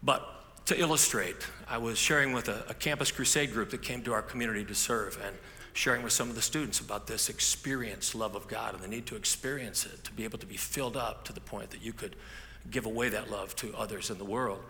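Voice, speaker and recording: A male pastor's sermon unfolds as conversational storytelling with many restarts, delivered in a lowish, brisk, sharp-toned voice. The recording is an echoey hall with faint ambience and a little hiss or hum.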